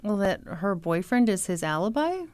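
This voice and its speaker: A woman's voice: mid-range voice, very animated, normal speed, a little mellow. A woman co-hosting a podcast, reacting to a story with short casual interjections. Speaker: podcast co-host.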